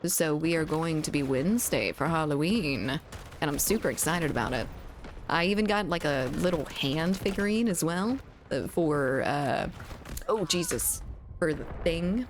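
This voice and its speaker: Lowish-voiced woman streamer, giggly, reading chat out loud at her desk mic, faint hiss behind. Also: animated, measured pace. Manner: chatty, giggly, reads viewer messages aloud. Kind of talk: casual chat reading live chat.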